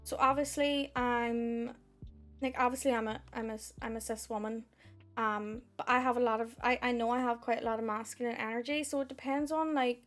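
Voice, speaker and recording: A woman's voice: on the high side, fairly even intonation, brisk, soft background music. A woman, chatting casually on a live stream while reading oracle cards, giggly and swearing, with a sore throat.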